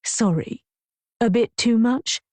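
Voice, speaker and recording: A woman's voice: a little high, slow, a little mellow, no room sound, pitched above the performer's own voice. A pretentious, posh middle-aged husband who savors every word like a fine vintage, read by a woman narrator. He sounds earnest and a touch self-important. The read is dry and close. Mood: pompous.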